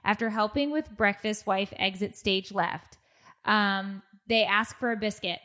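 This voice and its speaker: A woman host in casual chat, reading out a funny story with lively, laughing delivery. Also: medium pitch, a little slow. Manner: animated storyteller, laughs often.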